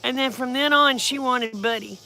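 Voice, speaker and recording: Folksy farm woman, gravelly. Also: sits high, moderate pace, bright, forceful tone, a little hiss or hum. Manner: folksy, chatty, drawling. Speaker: farm vlogger. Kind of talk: casual storytelling.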